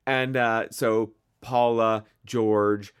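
An American man co-hosting a podcast, chatting casually and retelling an episode with quick asides. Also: on the low side, level tone, clean tone. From United States. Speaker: podcast co-host. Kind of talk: casual chat reviewing a TV episode.

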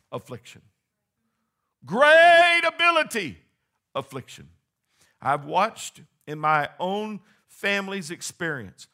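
A male pastor preaching a sermon in a church, swinging between quiet, low asides and loud, rising exclamations.

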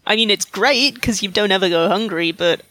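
A woman's voice: medium pitch, a little fast, bright, forceful tone, dry recording. A young British woman co-hosting a casual podcast chat, explaining things in detail and mimicking people she met. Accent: British English. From Britain. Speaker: podcast co-host.

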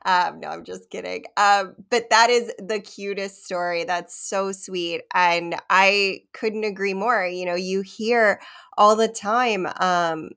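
A woman's voice: mid-range voice, steady tone, slow pace, creaky, a bit bright, clear, resonant tone. A woman hosting an interview podcast, talking casually and playfully with many fillers. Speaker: podcast host.

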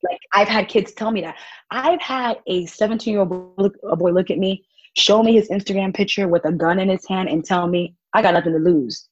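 Animated young woman with a husky voice. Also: mid-range voice, fairly quick, no room sound, lo-fi sound. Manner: animated, acts out quotes with laughs. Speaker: guest, volunteer child advocate. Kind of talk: casual interview storytelling.

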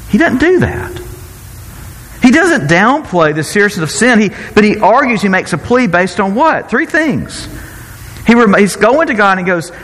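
A male pastor delivering a sermon with a lively, swooping voice that runs slightly high for a man. He talks in an animated, playful way and often stops and restarts his sentences. His voice rings out with a long hall reverb. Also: moderate pace. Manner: animated, self-interrupting, playful asides.

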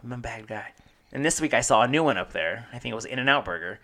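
A fast-talking man in his thirties with a gravelly, bright edge, chatting casually as a podcast co-host. He jokes his way through stories and acts out other people's lines. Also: medium pitch, lively intonation. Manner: joking storyteller, acts out quotes. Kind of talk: casual chat.

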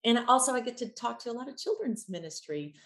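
A woman's voice: fairly high pitch, fast. A woman who leads children's ministry music, telling stories as an interview guest and acting out the lines she quotes. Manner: animated, acts out quotes with shifting voices. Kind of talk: conversational interview storytelling. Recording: echoey room.

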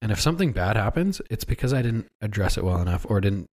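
A man's voice: on the low side, sing-song, a little mellow. A man hosting a podcast, talking casually in an earnest, reflective way and summing ideas up. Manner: reflective and earnest, sums up ideas, some quick stretches. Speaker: podcast host, realtor. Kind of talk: casual chat.

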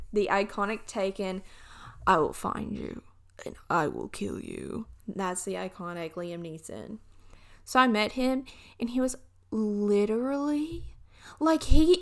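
A young woman from Alabama with a Southern accent, hosting a casual solo podcast and rambling through a story with frequent restarts. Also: medium pitch. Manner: rambling, chatty, trails off and restarts. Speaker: podcast host.

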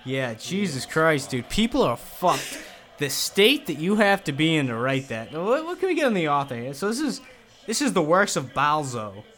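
Casting: male podcast co-host, slightly high voice, deadpan reader with wry asides. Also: moderate pace. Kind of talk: casual comedic reading aloud.

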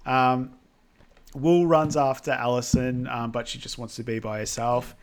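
A man's voice: mid-range voice, steady tone, measured pace. A man casually recapping a film on a podcast, easygoing and hesitant, with many ums. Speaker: podcast co-host.

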